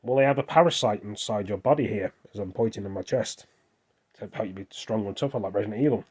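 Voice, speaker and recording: English man, lowish pitch, rambling vlog monologue, recorded on a phone. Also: fast, darkish tone, breathy edge. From England. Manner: rambling, hops between topics. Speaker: vlogger. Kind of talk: casual monologue to camera.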